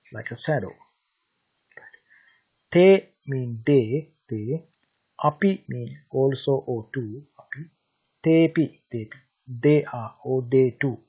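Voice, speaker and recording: A man with a Sri Lankan accent teaching a Pali lesson in English, reading each word aloud and then giving its meaning, with many hesitant pauses. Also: mid-range voice, darkish tone, breathy edge. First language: Sinhala. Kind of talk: slow classroom-style language lesson. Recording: dull lo-fi recording.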